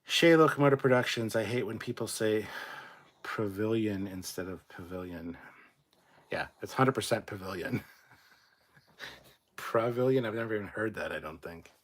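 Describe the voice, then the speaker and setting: A man's voice: fairly low pitch, a little slow, pauses often. A man from Canada reading out viewer comments in a casual live chat, blunt and rambling, swearing freely.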